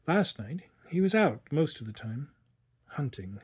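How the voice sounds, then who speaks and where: Calm hushed governess lady, read by a guy, kinda husky, storybook reading. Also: on the high side, a little slow, full character voice. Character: calm, secretive female governess. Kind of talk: audiobook narration.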